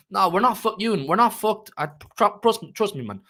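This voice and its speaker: A man's voice: high-pitched, lively intonation, moderate pace, sharp tone. A man hosting a fan channel, ranting emotionally about football to his live chat and repeating himself for emphasis.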